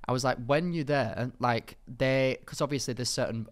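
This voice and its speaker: Man, podcast co-host, casual rambling chat, giggly, smooth clear voice. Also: medium pitch, normal speed. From Britain. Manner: rambling, giggly, lots of fillers and restarts.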